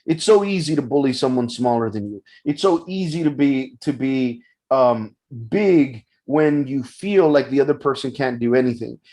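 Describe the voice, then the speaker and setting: A man's voice: medium pitch, expressive, normal speed, few pauses, mellow. A man co-hosting a podcast, telling a story casually and animatedly, with frequent restarts. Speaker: podcast co-host. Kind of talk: casual discussion.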